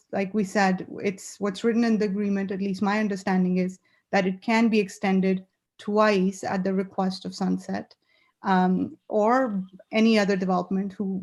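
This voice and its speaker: A woman's voice: mid-range voice, a little mellow. A woman on a city council speaking in a meeting, earnest and repeating phrases as she works through her thought. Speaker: council member.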